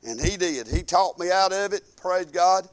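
High-voiced man preaching fervently. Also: expressive, normal speed. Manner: fervent, folksy preaching that drops from loud proclaiming to quiet musing. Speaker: pastor. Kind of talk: sermon.

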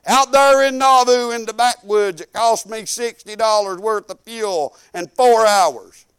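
Older male pastor, folksy sermon storyteller, high-pitched, smooth ringing tone. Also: measured pace. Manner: folksy, animated storytelling with acted-out quotes.

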